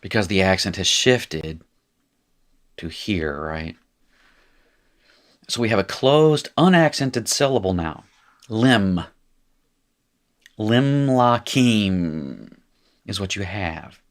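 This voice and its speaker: A male teacher with a somewhat low voice runs a live language lesson at his desk. He talks in a chatty, joking way and catches and fixes his own slips as he goes. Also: lively intonation, slow pace, pauses often. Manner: chatty, jokey, self-correcting.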